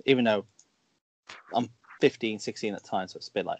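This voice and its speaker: Brief: Black Country man, wrestler guest in casual podcast chat, animated storyteller, dry close sound. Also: lowish voice, fast, gravelly, breathy edge, dry recording. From Dudley, Black Country, England. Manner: animated storyteller, acts out quoted lines.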